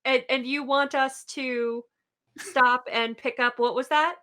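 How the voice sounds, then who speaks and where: Bright-voiced woman player, wry and firm. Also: sits high, steady tone, slow. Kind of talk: tabletop game chat.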